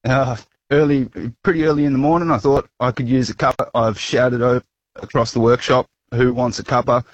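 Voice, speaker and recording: A man with an Australian accent calling in to tell an animated anecdote. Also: mid-range voice, a little fast, breathy edge, dry recording, highs cut off. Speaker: caller. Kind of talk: phone-in anecdote.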